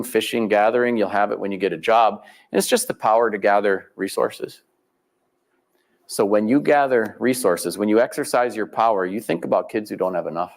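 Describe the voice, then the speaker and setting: Man telling stories at a lecture. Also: on the low side. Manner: folksy storytelling, voices quoted people. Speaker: guest speaker. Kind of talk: storytelling lecture. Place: live event venue.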